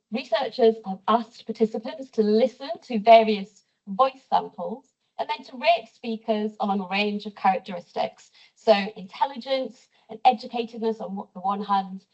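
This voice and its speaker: Husky Teesside woman lecturing from afar. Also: on the high side, darkish tone. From North East England. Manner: measured, explanatory lecturing. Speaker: sociolinguistics professor. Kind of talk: university lecture. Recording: distant mic, dull lo-fi sound.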